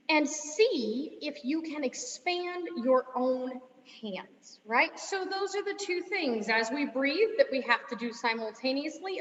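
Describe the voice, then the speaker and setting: A young woman directing a choir warm-up over a video call, encouraging and full of vivid images. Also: high-pitched. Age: young adult. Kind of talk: vocal warm-up instruction. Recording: roomy dull video-call audio.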